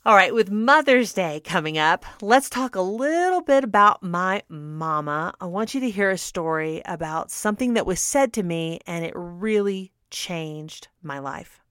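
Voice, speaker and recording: A woman's voice: lowish voice, expressive, unhurried, few pauses, a bit bright, clean tone, no room sound, clean studio sound. A middle-aged woman radio host telling a personal story in a candid, earnest way, laughing now and then. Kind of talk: personal testimony talk.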